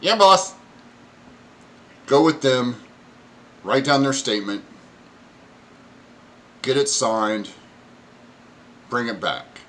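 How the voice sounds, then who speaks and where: A man voicing an impatient male goblin dock official in a tabletop game, barking orders in a high, loud voice. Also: very animated, extremely slow, long pauses, a little hiss or hum, full character voice. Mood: bossy.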